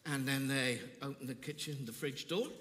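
Older male preacher, impassioned, repeats phrases; bright, forceful tone in a reverberant church hall. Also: mid-range voice, steady tone, normal speed, slight background noise. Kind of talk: sermon. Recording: long reverb of a large hall.

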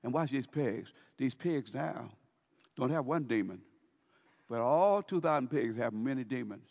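A man preaching a sermon as a pastor, animated, laughing often and acting out quoted voices. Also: mid-range voice, a little slow, creaky. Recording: long reverb of a church hall.

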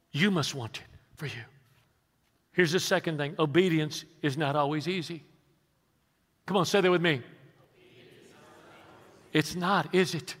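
A man in his sixties, with a fairly high-pitched and slightly bright voice, preaches an emphatic sermon as a pastor, rallying his congregation with questions. He's in a large church sanctuary, and the recording carries the long reverb of a big hall.

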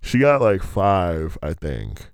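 A man's voice: deep voice, huge pitch swings, slow, clear, resonant tone, dry recording. A man telling stories in a loose, rambling monologue, laughing often and restarting his sentences.

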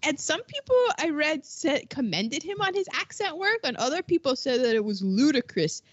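A woman's voice: high-pitched, big pitch swings, moderate pace, no echo. A woman co-hosting a casual chat, talking in a chatty, rambling way with frequent restarts. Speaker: podcast co-host. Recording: dull lo-fi recording.

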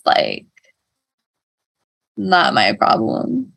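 A woman's voice: mid-range voice, a little slow, pauses often, fairly bright tone. A woman co-hosting a podcast, chatting casually, telling stories and laughing often. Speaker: podcast co-host. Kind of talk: casual chat.

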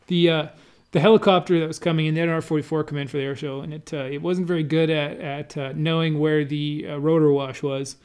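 A man casually recounting flights at an air race event, pausing and restarting often and laughing now and then. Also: a little high, steady tone, a little mellow, smooth. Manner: halting, many restarts and fillers, laughs while telling. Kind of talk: casual conversational recollection.

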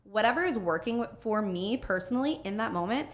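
A woman in casual podcast chat, animated and swearing freely, acting out little quotes as she talks. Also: mid-range voice, a little fast, a little hiss or hum.

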